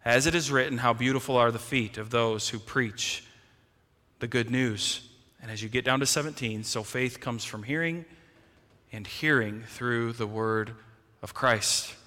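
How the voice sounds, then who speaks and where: A male pastor preaching a sermon with passion, moving from quiet, low passages to raised, emphatic ones and often repeating words as he starts a phrase. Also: a little slow, in a large hall. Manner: impassioned preaching, swinging from quiet to loud. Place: church sanctuary.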